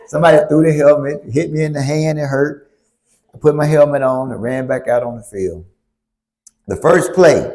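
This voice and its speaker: A man telling a story to a church youth group, animated, stopping to ask the audience questions. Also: medium pitch, brisk. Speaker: youth speaker.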